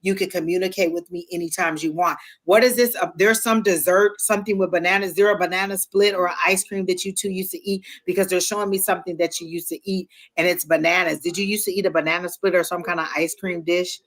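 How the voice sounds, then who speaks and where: A woman with a fairly low voice gives a live psychic reading. She talks in an animated, emotional way and quickly shares each impression as it comes. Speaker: tarot reader.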